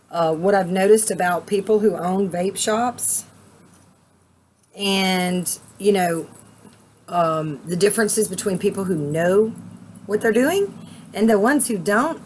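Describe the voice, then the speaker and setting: A chatty young woman rambles excitedly through a casual outdoor vlog, her voice sitting a little low for a woman. Faint outdoor ambience hums behind her. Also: measured pace, slight background noise. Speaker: vape vlogger. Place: outdoors at a rural cabin.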